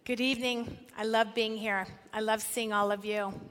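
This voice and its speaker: Older woman, fairly high voice, animated sermon talk with direct questions to listeners, long hall reverb. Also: normal speed. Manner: animated storyteller, puts direct questions to the audience. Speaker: speaker at a Christian women's gathering. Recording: echoey hall.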